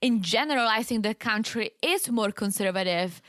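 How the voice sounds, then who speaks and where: A woman's voice: a little high, normal speed, no room sound, clean studio sound. A woman from the Czech Republic with a Czech accent, co-hosting a podcast in casual, emphatic chat. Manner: lively, emphatic, laughs often. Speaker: podcast co-host.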